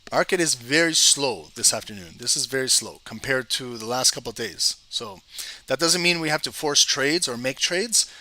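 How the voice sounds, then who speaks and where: A man's voice: mid-range voice, animated, moderate pace, bright, forceful tone. A man hosting a live trading stream, thinking aloud as he reads charts and lists price levels. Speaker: trading channel host. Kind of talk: live market commentary.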